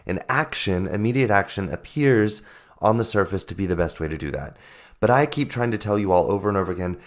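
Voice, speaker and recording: Hoarse guy with a really low voice doing his solo podcast, earnest, keeps repeating himself to drive it home. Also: expressive, brisk. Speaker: podcast host and life coach.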